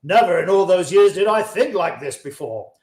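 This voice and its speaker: In a roomy, echoing recording, a man reads a classic audiobook-style as a passionate, earnest, discontented chariot maker speaking old-fashioned English. His voice is high and a little mellow, pitched above his natural register, with lively intonation and a moderate pace.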